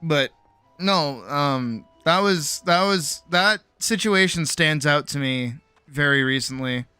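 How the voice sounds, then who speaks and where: A man's voice: fairly high pitch, takes it slowly, sharp tone, smooth, no room sound, soft background music. A young adult man streamer telling a personal story in casual chat, acting out both sides of the conversation and often restarting his words. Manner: frequent restarts and repeated words.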